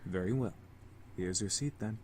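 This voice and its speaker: A man's voice: fairly low pitch, normal speed, slight background noise, lightly acted. An actor voicing a polite, composed male incubus in a dating game, speaking formally and courteously.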